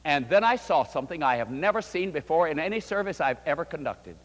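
An older man, a pastor, preaching a sermon and telling a story with fervent rises and quiet drops. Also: expressive, fast. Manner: fervent preaching, voice swelling and dropping low. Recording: long hall reverb.

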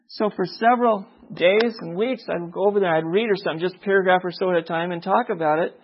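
A man's voice: high-pitched, fast talker, hardly any pauses, breathy edge, muffled recording. A man giving a personal testimony in a sermon, telling his story and often checking in with the listeners by asking "okay?". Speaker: lay preacher giving testimony.

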